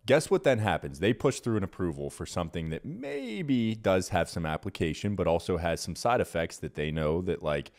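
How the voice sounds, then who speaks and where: A man's voice: a bass voice, darkish tone. A man co-hosting a podcast, talking politics in an indignant, emphatic way with some swearing. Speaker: podcast co-host. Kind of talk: casual political chat.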